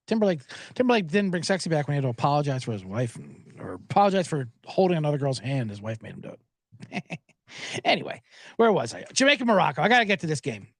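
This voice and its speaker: Hosting a sports betting show, this man has a fairly high, sing-song voice and talks fast, recorded cleanly in a studio with no echo. He rambles casually, joking and swearing through a stream of asides.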